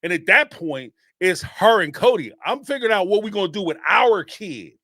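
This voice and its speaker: A man with a high voice talks through a live commentary stream, animated and emphatic, often repeating a line to hammer it home. The sound is dry and close. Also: moderate pace, hardly any pauses, no echo. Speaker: host of a reality TV commentary channel.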